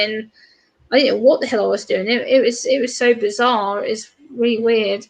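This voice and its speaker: Woman with a slightly high voice. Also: level tone, fairly quick, a bit bright. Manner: anecdotal, greets viewers by name. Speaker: livestream co-host. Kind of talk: casual chat.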